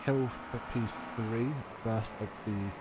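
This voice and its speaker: A man with a lowish voice commentates a sim race in a chatty, measured way. He fills pauses with little fillers as he runs through the session. Loud background noise sits under his voice. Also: fairly even intonation.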